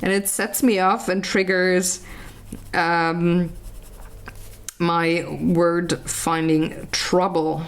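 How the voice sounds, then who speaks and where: A woman's voice: on the low side, flat delivery, drawn-out words, clean tone. A woman chatting casually while she colours, rambling and searching aloud for words, with self-mocking asides. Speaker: colouring vlogger.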